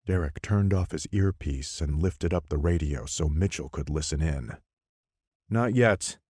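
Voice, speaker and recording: A man reading a horror audiobook as narrator, measured and expressive. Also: very deep voice, husky, dry recording, studio quality. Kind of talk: scripted narration.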